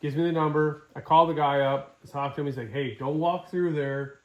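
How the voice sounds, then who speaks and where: A middle-aged man from Wisconsin telling a hunting story in casual, animated talk. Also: a little high, fairly quick. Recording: echoey room.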